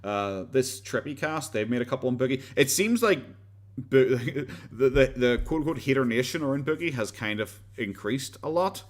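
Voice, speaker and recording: A man's voice: medium pitch, animated, moderate pace. An Irish man hosting a casual commentary livestream, rambling sarcastically with frequent stumbles and restarts. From Ireland. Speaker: livestream host.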